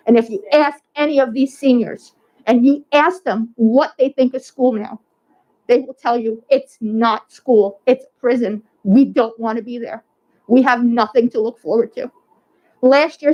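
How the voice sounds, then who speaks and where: A woman's voice: a little high, a little mellow, muffled recording. A woman speaking as a parent at public comment, emotional, pleading and insistent, repeating herself for emphasis.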